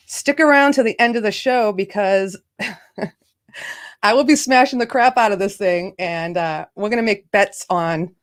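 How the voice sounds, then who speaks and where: A woman hosting a casual livestream, greeting viewers by name and laughing often. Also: medium pitch. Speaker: livestream host. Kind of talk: casual live chat.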